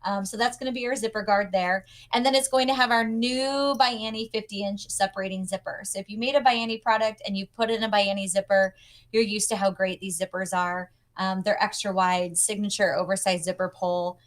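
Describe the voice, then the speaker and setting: A woman's voice: mid-range voice, steady tone, a little fast. Woman, young adult, chatty, upbeat, step-by-step teacher, video call audio. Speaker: pattern designer guest. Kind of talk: demonstrating a pattern on a livestream.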